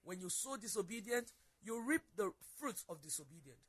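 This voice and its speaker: A woman's voice: mid-range voice, lively intonation, normal speed, a bit bright, slightly rough. A woman sharing a personal faith testimony as a guest, telling it as an earnest story and often repeating or restarting her phrases.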